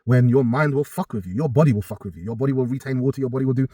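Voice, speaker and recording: A fast-talking young man, working as a personal trainer. He gives casual advice, blunt and full of swearing. His voice is slightly husky, and the recording is close and dry, with no room echo. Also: medium pitch, warm tone. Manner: blunt and profane, talks straight to viewers. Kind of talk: casual direct-to-camera advice.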